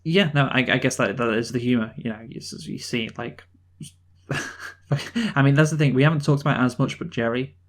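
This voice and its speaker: Enthusiastic rambling man reviewing a film. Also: mid-range voice. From North of England. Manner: enthusiastic, rambling, halting restarts. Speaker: film review podcast co-host. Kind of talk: casual film discussion.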